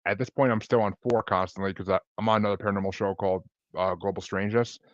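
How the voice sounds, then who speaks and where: A man's voice: lowish voice, steady tone, quick pace, muffled recording. A man talking as a podcast guest in a laid-back, chatty, rambling way over a video call. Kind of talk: casual interview chat.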